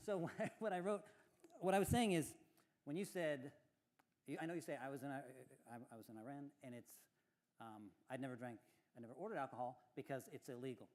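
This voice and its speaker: A man's voice: mid-range voice, fast talker, a little mellow. A man giving spoken feedback on a speech, rambling and restarting his sentences often. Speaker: workshop evaluator.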